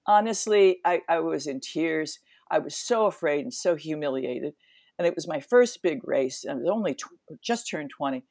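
A woman's voice: sits low, animated, moderate pace, darkish tone, dry recording, clean studio sound. A woman in her seventies, an interview guest, telling a story vividly, acting out scenes with sound effects and many restarts. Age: 70s.

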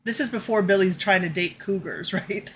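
A young woman co-hosting a casual podcast chat, agreeable and quick to laugh. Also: mid-range voice, a little hiss or hum. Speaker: podcast co-host.

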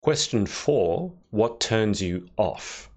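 A man hosting a live interview, asking quick questions and making playful asides. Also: on the low side, lively intonation, darkish tone. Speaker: podcast host, interviewer. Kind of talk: casual interview chat.

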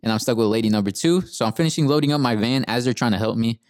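A man's voice: mid-range voice, very fast, no echo, clean studio sound. A young man co-hosting a podcast, telling a rant in a laid-back, profane way and saying "bro" a lot. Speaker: podcast co-host. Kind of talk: casual storytelling rant.

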